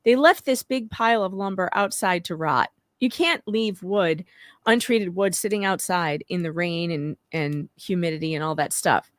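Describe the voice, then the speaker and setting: A woman's voice: fairly low pitch, normal speed, no room sound, clean studio sound. A woman co-hosting a livestream, chatting casually and explaining her points with indignant emphasis. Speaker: livestream co-host. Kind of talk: casual commentary chat.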